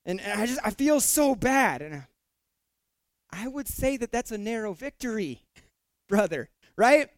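A male pastor with a high voice delivers a casual, joking sermon, talking a little slowly and pausing often on a dry recording. His manner is conversational and jokey, and when he gets excited he stumbles into repeating words.

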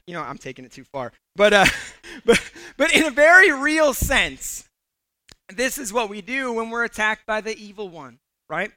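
A male pastor preaches with a high, bright voice, animated as he tells a story and acts out its voices. The sound is close and dry. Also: normal speed, dry recording. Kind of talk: sermon with personal story.

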